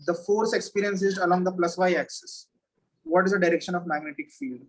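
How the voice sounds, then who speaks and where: A male physics teacher giving an oral exam over a video call. He is patient and repeats his questions slowly. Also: sits high, steady tone, poor audio.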